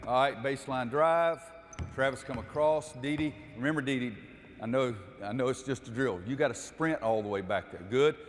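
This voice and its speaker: A man's voice: medium pitch, normal speed. An older man coaching basketball players through a defensive drill, explaining steps and calling out repeated commands. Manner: instructive, barks repeated drill calls. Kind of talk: coaching clinic on court. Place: gym. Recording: long reverb of a large gym.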